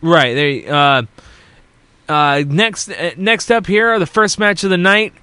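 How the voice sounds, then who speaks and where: Guy rambling through a wrestling recap, kinda high voice, dry close sound. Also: pushed and bright, clean tone, no echo. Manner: rambling, halting recap with fillers and restarts. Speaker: podcast host recapping wrestling. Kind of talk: casual chat.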